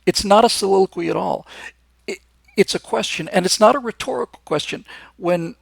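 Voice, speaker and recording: A man's voice: sits high, fairly quick, creaky, slightly rough, no room sound. A man hosting a live show, talking in a casual, enthusiastic and rambling monologue, with frequent restarts. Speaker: host.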